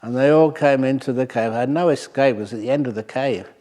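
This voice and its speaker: A man's voice: medium pitch, dark tone. Wry male monk telling stories. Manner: wry, anecdotal, pauses with fillers. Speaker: Buddhist monk teaching a meditation retreat. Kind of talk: humorous storytelling dharma talk.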